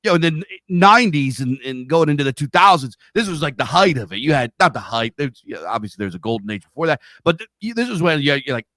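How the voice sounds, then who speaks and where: A man's voice: a little high, very animated, fast talker, few pauses, pushed and bright, dry recording. A middle-aged man from Pennsylvania with a Pennsylvania accent, telling stories loosely in a casual podcast chat and swearing freely. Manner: rambling storyteller, swears freely. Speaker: podcast host. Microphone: studio mic on a live stream.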